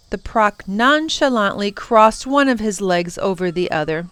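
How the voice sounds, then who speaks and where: A woman narrating a children's novel aloud for storytime, gentle and expressive. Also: medium pitch, measured pace, smooth, no echo.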